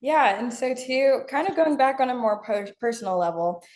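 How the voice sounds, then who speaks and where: A woman's voice: high-pitched, animated, normal speed, darkish tone. A woman hosting a podcast, asking friendly questions in a casual, chatty way. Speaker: podcast host. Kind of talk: casual interview.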